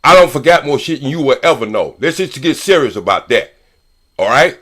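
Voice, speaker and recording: An older man on a podcast panel, arguing loudly and profanely and repeating points for emphasis. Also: mid-range voice, expressive, fairly quick. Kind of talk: heated podcast debate.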